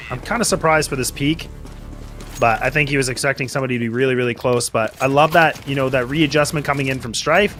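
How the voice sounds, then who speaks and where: Male color commentator, rapid and analytical, faint noise underneath. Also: medium pitch, fairly bright tone. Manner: quick, analytical, many fillers.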